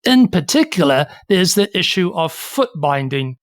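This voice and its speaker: A podcast co-host tells history in a steady, explanatory way. The voice sits at a middling pitch. It is recorded close and dry, with no room echo. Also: moderate pace. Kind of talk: casual history podcast chat.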